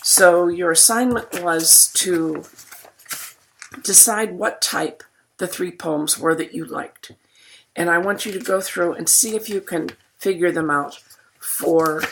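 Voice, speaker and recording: Slow, low-voiced woman teacher, voice going. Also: a little hiss or hum. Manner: slow, deliberate poetry reading with pauses. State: losing her voice, clearing her throat. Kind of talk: recorded classroom lecture.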